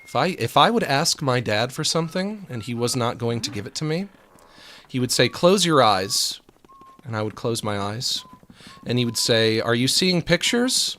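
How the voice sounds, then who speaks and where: A man rambling excitedly in casual commentary while streaming a video game. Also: mid-range voice, moderate pace. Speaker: gaming streamer. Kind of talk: casual live gameplay commentary.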